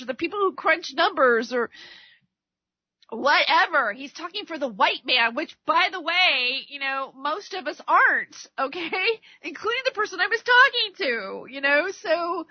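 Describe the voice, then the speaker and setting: High-voiced woman ranting on radio. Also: no echo. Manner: rambling, stammering, heated; acts out arguments by quoting others. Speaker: radio talk show host. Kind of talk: political rant monologue. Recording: dry, dull lo-fi radio recording.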